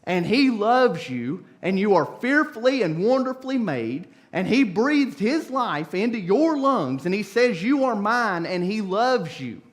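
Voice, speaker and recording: Preacher guy, high voice, gets real fired up then drops way down soft. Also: sing-song, a little slow, few pauses. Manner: impassioned, builds to loud climaxes, drops to soft quoted pleas. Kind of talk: sermon. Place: church sanctuary.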